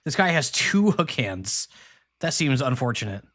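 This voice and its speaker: A man's voice: mid-range voice, very animated, measured pace, a bit bright. A man streaming a game live, chatting casually and cracking jokes at what he reads. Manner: playful, joking, giggly. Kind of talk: casual live gameplay commentary.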